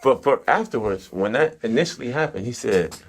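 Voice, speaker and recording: A man, a retired football player, telling stories in an animated interview, acting out quotes, swearing freely and laughing as he talks. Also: medium pitch, fairly quick.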